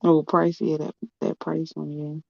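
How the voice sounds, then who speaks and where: Co-host, gravelly, mellow tone, dull dry lo-fi mic, playful chuckling. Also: mid-range voice, flat delivery, slow, no room sound. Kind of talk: casual chat.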